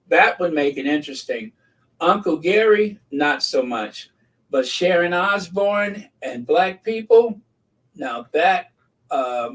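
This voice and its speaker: A man's voice: fairly high pitch, far from the mic, low-quality recording. A man hosting a casual gossip commentary, rambling and mocking, who often laughs at his own jokes. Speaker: channel host.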